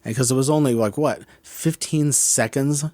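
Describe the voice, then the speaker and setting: A man's voice: mid-range voice, moderate pace, warm tone, no echo. A man co-hosting a podcast, talking through a movie's scenes in a musing, critical way and often correcting himself mid-sentence. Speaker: podcast co-host. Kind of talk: casual film discussion.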